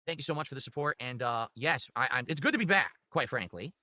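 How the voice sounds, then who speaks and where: Fast, bright-voiced rambling male streamer. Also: mid-range voice, no room sound. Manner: rambling, profane, animated thank-yous. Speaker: livestreamer. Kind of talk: casual stream chat reading donations. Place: his home streaming room. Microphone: desktop USB mic.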